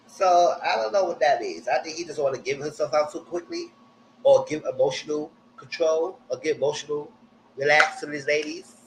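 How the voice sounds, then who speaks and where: Man, live-stream TV recapper, casual and opinionated, a touch high-voiced, with a faint background hiss. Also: rough recording. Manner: animated, jumps high when quoting people; blunt, slangy, opinionated.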